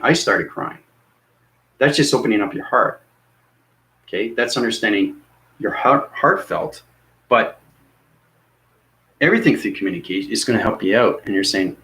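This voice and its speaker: A man's voice: on the low side, fairly bright tone, low-quality recording. A man talking earnestly and rambling about spiritual ascension, often repeating himself. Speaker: spiritual teacher. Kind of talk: unscripted spiritual talk.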